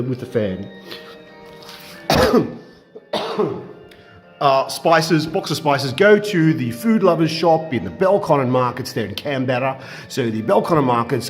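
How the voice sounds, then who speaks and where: A man's voice: medium pitch, a little mellow. Bawdy, rambling man hosting. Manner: bawdy, self-mocking, chuckles at his own jokes. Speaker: host of a cooking show. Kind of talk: rambling comic monologue. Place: home kitchen.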